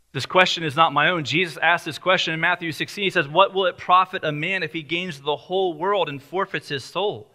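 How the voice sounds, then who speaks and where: A man's voice: fairly high pitch, pushed and bright. A male pastor preaching an earnest, emphatic sermon full of rhetorical questions.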